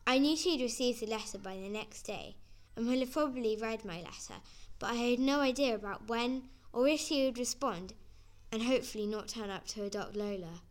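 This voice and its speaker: A woman's voice: on the high side, brisk. Woman reading a story aloud. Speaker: narrator.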